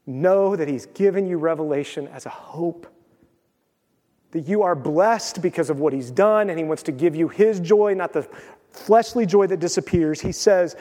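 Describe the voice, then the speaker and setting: A man preaching a sermon as a pastor, animated, swinging between loud bursts and hushed, quiet passages. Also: on the high side, moderate pace. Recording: long hall reverb.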